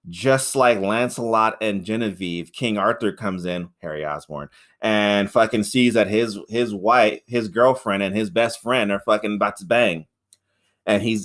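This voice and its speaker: A rambling, foul-mouthed man in a casual podcast chat. He talks at an ordinary pitch, tells the story in loose stretches and keeps acting out the lines of the people he describes. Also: a bit bright. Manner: rambling, swears a lot, acts out quotes. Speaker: podcast co-host reviewing a film.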